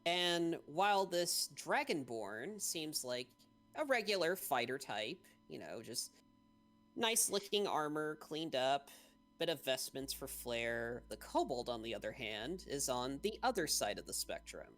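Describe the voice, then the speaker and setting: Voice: medium pitch, big pitch swings, unhurried, a bit bright, faint music behind. A game master narrating a tabletop game in a descriptive way with hesitant fillers.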